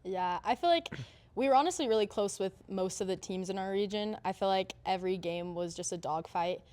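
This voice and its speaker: A woman's voice: mid-range voice, a little fast, darkish tone. A young woman of about twenty from Utah, a college volleyball player, answering in a laid-back way with short answers and fillers. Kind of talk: casual interview.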